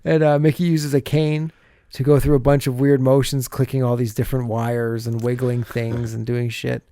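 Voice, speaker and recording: Mellow-voiced man recapping an episode. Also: medium pitch, flat delivery, moderate pace, smooth, no echo, studio quality. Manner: laughs often while retelling scenes. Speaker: podcast co-host recapping an episode. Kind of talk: casual chat recap.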